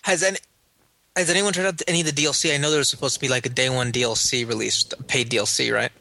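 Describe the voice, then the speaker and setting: A man on a podcast panel chatting casually and quickly passing along things he has heard. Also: medium pitch, steady tone, creaky, sharp tone.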